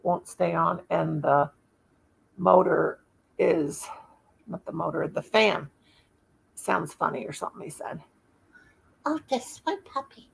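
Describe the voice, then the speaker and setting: Gravel-voiced woman rambling on a live stream. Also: deep voice, fairly even intonation, slow, long pauses. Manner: rambling, chatty, stops often to search for words. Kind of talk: casual live stream chat. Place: home, in the dark with one light on.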